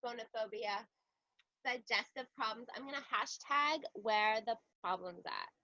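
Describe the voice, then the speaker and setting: A woman's voice: a little high, unhurried, pushed and bright, dry recording, muffled recording. A woman hosting a casual chat over a video call, joking and rambling about her daily life. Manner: joking, rambling, self-mocking. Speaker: host.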